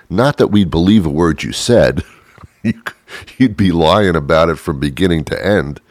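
A deep-voiced man delivers a sarcastic comedic rant, his pitch swinging widely as he mocks and chuckles. The sound is dry and close, with no room around it. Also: expressive, normal speed, dry recording. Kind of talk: comedic monologue.

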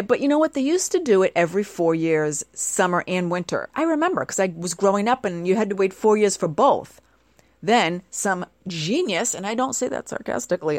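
This American woman in her forties has a lowish voice, captured in a dry recording. Her monologue is casual and meandering, delivered in an animated, chatty way and peppered with rhetorical questions.

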